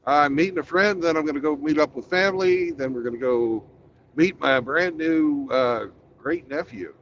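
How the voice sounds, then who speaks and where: A man's voice: a little high, normal speed, fairly bright tone. A man streaming on a headset mic, talking in a laid-back, matter-of-fact, profane way. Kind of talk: casual stream chat. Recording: dull, slightly noisy stream audio.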